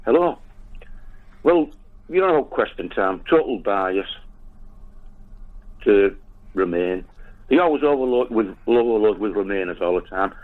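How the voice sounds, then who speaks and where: A man's voice: on the low side, expressive, measured pace, pauses often. Insistent male caller on a phone line. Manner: insistent, complaining. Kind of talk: phone-in call. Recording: telephone line.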